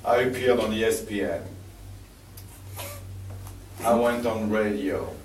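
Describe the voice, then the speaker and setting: A man with a French accent giving a live talk to an audience in a library room, telling stories with halting restarts and fillers. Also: lowish voice, a little hiss or hum. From France. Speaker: speaker giving a presentation. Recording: roomy distant live recording.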